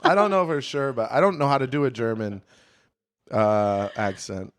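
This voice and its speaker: A young man co-hosts a comedy podcast in casual chat, rambling, joking and swearing freely into a studio mic while wearing headphones. His voice is medium-pitched at a moderate pace.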